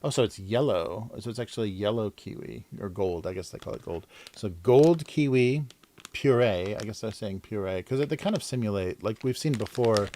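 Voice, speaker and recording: A man's voice: lowish voice, moderate pace, warm tone. A middle-aged man chatting casually on a livestream while drawing, rambling, cutting himself off and laughing often. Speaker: cartoonist livestreamer.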